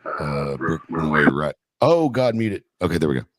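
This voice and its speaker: A man's voice: a bass voice, very animated, normal speed, no echo. A man hosting a casual podcast, joking loosely and swearing freely. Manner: loose, profane banter. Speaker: podcast host.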